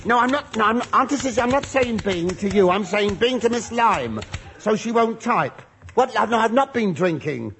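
Here a high, expressive, slightly bright male voice moves at normal speed. The older stand-up in the British mold is camp and full of innuendo, feigning fluster through a comic monologue with sketch dialogue, recorded live amid audience noise and laughter.

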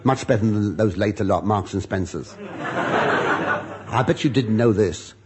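A man's voice: on the low side, measured pace. An older British-style male comedian giving a camp, innuendo-laden comic monologue, mock-flustered. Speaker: stand-up comedian. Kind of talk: comic monologue with sketch dialogue. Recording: live audience recording with noise. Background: audience laughter.

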